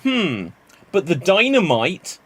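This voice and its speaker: A man's voice: sits high, big pitch swings, a bit bright, breathy edge. Man hosting an improv stream. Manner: chatty, laughs at jokes, quick to move on. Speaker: improv show host. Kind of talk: improv comedy stream, calling on players.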